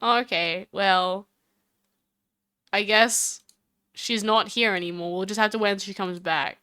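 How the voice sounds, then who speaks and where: Bright chatty woman streamer. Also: medium pitch, steady tone, unhurried, clean tone, no room sound, studio quality. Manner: chatty, rambling, self-mocking. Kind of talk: casual game-playing chat.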